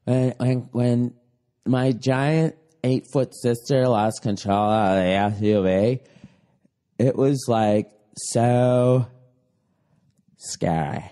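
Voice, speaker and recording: A man putting on the voice of a vapid, dramatic young woman in a breathy, drawn-out drawl to mock her. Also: medium pitch, warm tone, voice pushed down. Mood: whiny. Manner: mocking, drawn-out dragging delivery.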